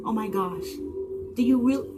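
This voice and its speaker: A woman giving a spiritual monologue, full of dramatic rhetorical questions and swinging between loud exclamations and hushed tones. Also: on the high side, moderate pace. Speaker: channel host. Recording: singing bowl music underneath. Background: singing bowl music.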